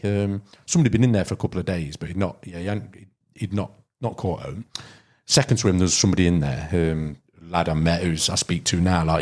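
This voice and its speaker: A man's voice: low-pitched, a little mellow. A man from Derbyshire, a podcast guest telling long fishing stories in casual chat, full of restarts and fillers. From Derbyshire, England. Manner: rambling storytelling with many restarts and fillers. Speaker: podcast guest, carp angler.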